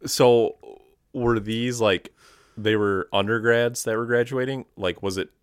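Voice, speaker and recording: A man's voice: mid-range voice, fairly even intonation, unhurried, smooth, dry recording. Laid-back man with dry quips. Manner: laid-back, short reactions and dry jokes. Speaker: podcast co-host. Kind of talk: casual chat. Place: podcast studio.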